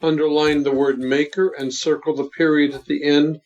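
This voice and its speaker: A man in his seventies, a voice coach, talking in a deliberate and emphatic instructive way during an interview. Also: a little high, flat delivery, darkish tone. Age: 70s. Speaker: voice coach guest. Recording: dull lo-fi sound.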